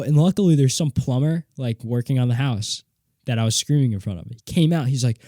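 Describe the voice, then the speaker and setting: Rich: a young man recounts a story on his solo podcast, rambling and animated, cursing freely. His voice is mellow and warm. The sound is dry and close, as from a home studio mic. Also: mid-range voice, normal speed, dry recording. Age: young adult. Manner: rambling, animated, swears casually. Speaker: podcast host. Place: home studio with guitar and mixing board.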